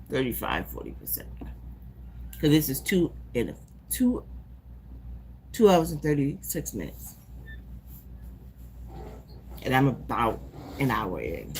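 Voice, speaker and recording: A woman live-streaming casually, retelling a movie in an animated, profane, rambling way. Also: lowish voice, a little hiss or hum. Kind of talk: casual chat recapping a movie.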